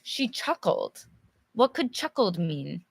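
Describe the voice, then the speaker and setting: A native English-speaking woman teaching learners on a live stream, reading a storybook aloud and chatting with viewers, friendly and quick to laugh. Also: mid-range voice, sing-song, creaky, slightly rough, dry recording. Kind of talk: slow, clear live teaching and read-aloud.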